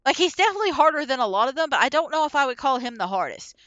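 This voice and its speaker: A woman streamer rambling through casual gameplay commentary in an excitable, laughing way, voiceover added after the stream. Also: high voice, racing, dry recording, lo-fi sound. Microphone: voiceover recorded after the stream.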